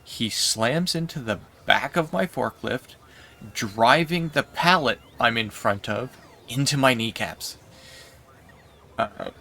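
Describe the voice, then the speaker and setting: A man livestreaming while gaming, telling a long story in a rambling, unhurried way with lots of fillers. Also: medium pitch, bright, forceful tone, a little hiss or hum.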